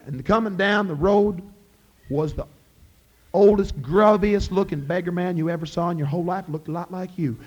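A man's voice: high-pitched, normal speed, dull audio. A man telling a folk tale in a folksy way, with chuckling asides to his listeners. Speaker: storyteller.

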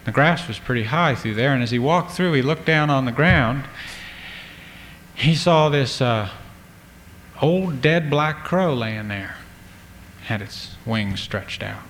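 A man tells an old folk tale in a relaxed, folksy drawl. His voice sits at an ordinary middle pitch, and he often turns to address the listener. A faint hiss runs underneath. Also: slow pace, long pauses. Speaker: storyteller.

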